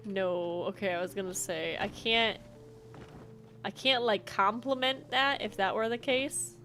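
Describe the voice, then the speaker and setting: Bright-voiced chatty young woman streamer. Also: mid-range voice, unhurried, soft background music. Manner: chatty, rambling, animated storyteller with many fillers. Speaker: game streamer. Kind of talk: casual gameplay chat and storytelling.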